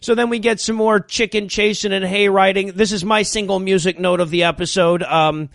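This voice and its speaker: Guy with a pretty high voice, dry close mic, sarcastic movie roast chat. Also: fairly even intonation, gravelly, a bit bright, no echo. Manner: sarcastic, quick to laugh, slips into silly voices. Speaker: podcast co-host. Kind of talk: comedic movie-riffing chat.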